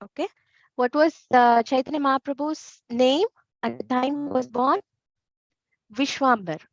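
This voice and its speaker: A woman teaching a children's class, telling a story and asking the kids questions in an animated way. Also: high-pitched, unhurried, no echo, muffled recording.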